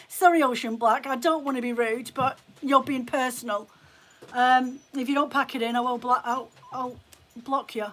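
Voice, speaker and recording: A woman's voice: sits high, a bit bright. A middle-aged British woman who runs a fibre shop, chatting bluntly and casually on a live stream and swearing freely. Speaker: fibre shop owner hosting a live chat.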